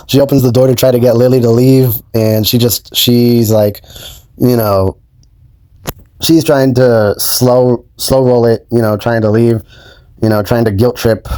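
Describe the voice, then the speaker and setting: A man's voice: medium pitch, mellow, smooth, no echo. A young adult man hosting his own channel, recapping a show in a casual way, hesitant and full of ums and you-knows. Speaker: YouTube host.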